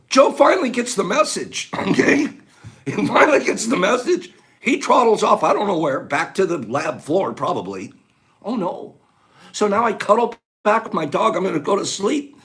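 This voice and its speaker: Animated, high-voiced man telling a story. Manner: animated, laughing, acts out scenes. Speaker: host. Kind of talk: casual storytelling.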